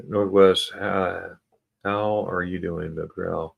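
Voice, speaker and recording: An American man hosting a casual livestream chat, reading viewer comments aloud and slowly sounding out German words. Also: deep voice, gravelly, a little mellow, slightly rough. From United States. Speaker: livestream host. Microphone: computer mic for a livestream.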